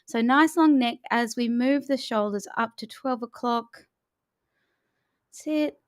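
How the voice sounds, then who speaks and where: A woman coach with a slightly high voice guides a morning vocal warm-up. She keeps it chatty and encouraging, talking the listener through each stretch step by step. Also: slow pace.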